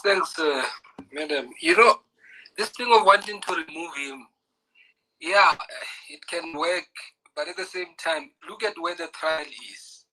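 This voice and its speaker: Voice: mid-range voice, measured pace, bright, forceful tone, low-quality recording. A podcast host moderating a casual panel, easygoing and handing the floor to guests. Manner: easygoing, hands the floor to others.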